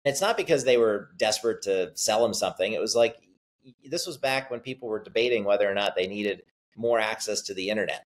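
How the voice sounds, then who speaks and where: A man's voice: on the low side, fairly quick, rough recording. A middle-aged man, a startup CEO, answering interview questions in a conversational way and acting out quotes as he tells stories. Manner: animated storyteller, acts out quotes.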